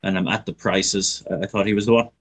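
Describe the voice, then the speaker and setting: A man with a lowish voice gives casual racing tips. He talks in a relaxed, mumbling way, filling his pauses with ums and uhs. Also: slightly rough. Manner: relaxed, mumbling with many fillers. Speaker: racing tipster. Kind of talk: casual betting chat.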